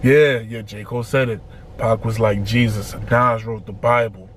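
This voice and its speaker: Animated man reacting to an album. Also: lowish voice, normal speed. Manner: animated, quotes lyrics, often repeats himself. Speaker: reaction channel host.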